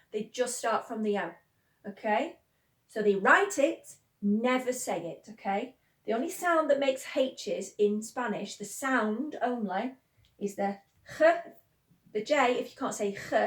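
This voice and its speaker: A woman teaching school pupils Spanish pronunciation, patiently chanting the sounds in rhythm. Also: fairly high pitch. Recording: echoey room.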